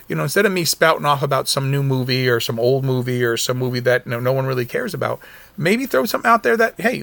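A man's voice: on the high side, vocal fry, a bit bright, no room sound. A middle-aged man hosting a solo podcast in a casual, rambling way, often restarting his sentences and growing emotional at times. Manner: rambling, self-interrupting, conversational. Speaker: podcast host.

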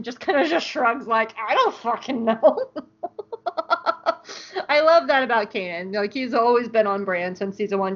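Irreverent higher-voiced woman recapping. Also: highs cut off. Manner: lively, irreverent, swears casually. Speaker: podcast co-host. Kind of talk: casual episode recap.

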